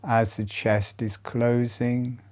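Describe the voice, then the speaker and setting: In a mid-range voice, a man softly guides a breathing meditation, offering calm instructions separated by long pauses.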